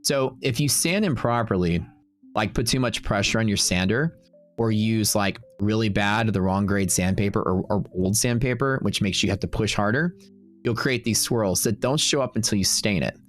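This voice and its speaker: A man's voice: on the low side, normal speed, soft background music. A man hosting a livestream, telling a long story in a casual, rambling way, full of fillers and quoted back-and-forth. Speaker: livestream host.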